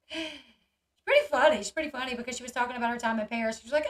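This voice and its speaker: Woman vlogger, high bright voice, casual, filler-heavy, amused asides. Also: fast. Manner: chatty, filler-heavy, amused, talks to her screen. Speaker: vlogger commenting on clips. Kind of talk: casual reaction commentary.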